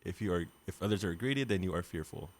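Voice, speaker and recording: Low, lively-voiced man chatting. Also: fast. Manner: playful, laughs often, lively pitch. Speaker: podcast co-host. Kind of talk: casual chat.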